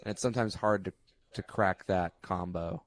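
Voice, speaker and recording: A man from Georgia, a songwriter guest, talking in animated chat and acting out little scenes. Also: deep voice, normal speed, dry recording. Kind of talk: casual interview chat.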